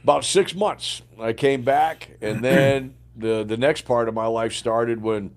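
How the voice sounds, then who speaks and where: A middle-aged man, a former Green Beret sergeant major, telling his story in a casual podcast interview, profane and animated, acting out the lines of people he quotes. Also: medium pitch, a little slow.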